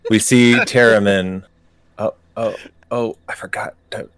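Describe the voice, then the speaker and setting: A man running a tabletop game as game master, hesitant, with many pauses and restarts. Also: fairly low pitch, steady tone, fairly bright tone, a little hiss or hum.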